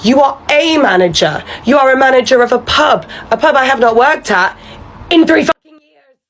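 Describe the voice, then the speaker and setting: A woman's voice: high-pitched, lively intonation, normal speed, fairly bright tone, full character voice. A woman playing a sarcastic fed-up young worker. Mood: exasperated. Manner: sarcastic, blunt, defiant. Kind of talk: comedy sketch acting.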